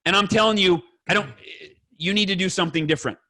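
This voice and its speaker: A man's voice: high-pitched, fast, pushed and bright, poor audio. A man speaking as a guest on a podcast, earnest and emphatic, talking bluntly with fellow fathers and swearing now and then. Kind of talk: candid podcast conversation.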